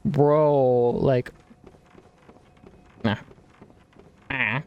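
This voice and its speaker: A man's voice: medium pitch, drawn-out words, clean tone, dull audio. A young man chatting casually to viewers on a game stream, laid-back and rambling, calling people bro. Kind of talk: casual live-stream chat while gaming.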